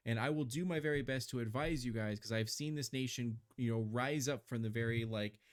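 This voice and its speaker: A man's voice: mid-range voice, close to an everyday voice. An earnest, long-winded old royal advisor in a tabletop role-playing game, as a man voices him. He sounds worried and keeps talking at length.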